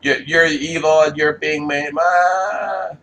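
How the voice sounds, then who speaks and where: A shrill, whiny child in full tantrum, yelling accusations over and over, as a man puts it on. The voice jumps well above his usual low register and gets loud. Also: steady tone, slow, gravelly, slight background noise, full character voice. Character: screaming child throwing a grocery-store tantrum.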